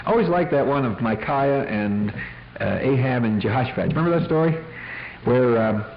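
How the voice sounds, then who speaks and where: A man teaching in a folksy, conversational way, slipping into voices as he retells Bible stories. His voice sits at a middle pitch. It comes through a dull, muffled old tape recording. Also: lively intonation, normal speed. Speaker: Christian apologetics teacher. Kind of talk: informal teaching talk.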